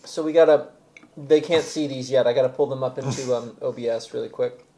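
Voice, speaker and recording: A man's voice: medium pitch, steady tone, fairly quick, warm tone. A man hosting a casual cooking livestream, chatting loosely while he eats and sets up the stream. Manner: chatty, talks while eating and handling gear. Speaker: livestream host.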